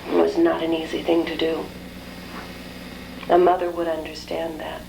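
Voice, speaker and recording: A middle-aged woman speaks to a gathered audience in a rather low voice, telling a personal story. She tells it in a lively way and slips into the voices of the people she quotes. A faint hiss of noise sits under this old recording of a talk. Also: moderate pace, gravelly, rough recording. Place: lecture hall.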